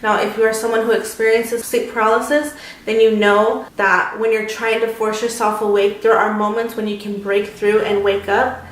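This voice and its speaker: A woman's voice: mid-range voice, level tone, moderate pace. A young adult woman vlogger telling a story casually and dramatically, with lots of fillers. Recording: roomy, distant mic, faint noise.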